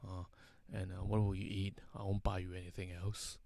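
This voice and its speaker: A man's voice: sits low, level tone, moderate pace, gravelly, mellow, no echo. A man voicing his strict, scolding middle-aged father in a story.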